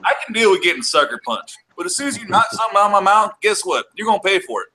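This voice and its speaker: A man from Texas telling rowdy bar-fight stories in casual chat, profane and laughing, acting out quotes in shouts. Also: sits high, very animated, fast, a little hiss or hum, rough recording.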